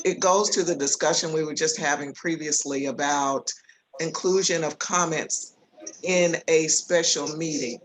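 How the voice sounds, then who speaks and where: A woman's voice: sits low, a little hiss or hum, rough recording. A woman commissioner at a public board meeting, raising careful procedural questions.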